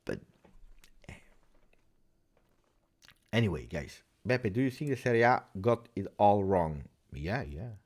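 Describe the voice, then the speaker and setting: Low-voiced man chatting. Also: a little slow, long pauses. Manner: animated, thinks aloud with many uhs and tag questions. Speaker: football live-stream host. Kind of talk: casual live reaction chat reading viewer comments. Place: home streaming setup in Belgium.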